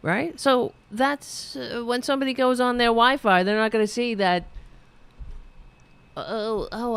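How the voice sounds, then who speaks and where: A woman hosting political commentary, ranting in a profane, sarcastic and heated way and reading out viewer chat. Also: lowish voice. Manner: reads viewer chat aloud.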